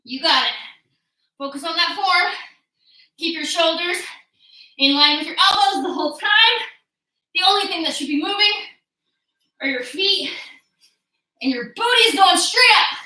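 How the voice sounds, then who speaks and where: A woman fitness instructor coaching a workout class, energetic and encouraging, whooping and cheering, out of breath from exercising along. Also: very high voice, unhurried, long pauses. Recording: echoey room, mic at a distance.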